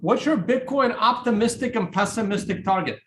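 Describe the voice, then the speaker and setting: A man's voice: sits high, moderate pace, fairly bright tone, a little hiss or hum. A man from Russia hosting a livestream, answering viewer questions in a wry, offhand way and thinking aloud. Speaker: livestream host.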